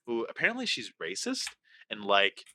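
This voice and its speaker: A man co-hosting a casual podcast, talking in an animated, excitable way with swearing and quick asides. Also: medium pitch, creaky. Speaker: podcast co-host.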